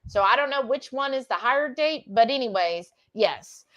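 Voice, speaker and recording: A woman co-hosting a home cooking livestream, gushing warmly as she reads out viewer comments. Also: a little high, animated, moderate pace, muffled recording. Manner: bubbly, gushing over viewers. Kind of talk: casual chat, reading viewer comments. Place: home kitchen.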